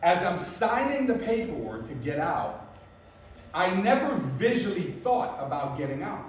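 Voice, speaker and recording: A man's voice: high voice, sing-song, a little slow, slight background noise. A man in his fifties giving a motivational talk, emphatic and repeating his points, often asking "right?". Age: 50s. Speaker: motivational speaker. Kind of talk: motivational talk to a live audience. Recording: echoey room from far off, faint background ambience.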